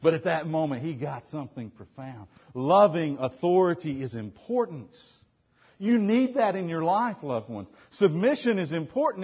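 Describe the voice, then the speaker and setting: Husky preacher swinging loud and soft. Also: male voice, on the high side. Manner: emphatic, swings between loud declarations and quiet asides. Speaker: pastor. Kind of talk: sermon. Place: church. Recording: dull lo-fi church recording.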